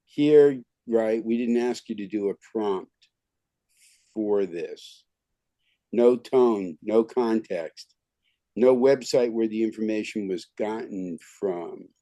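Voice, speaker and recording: Taking it slowly in a fairly low, mellow voice, a man teaches a skills class online over video call. He speaks informally and leans on "okay" and "right" as fillers. The sound has no echo.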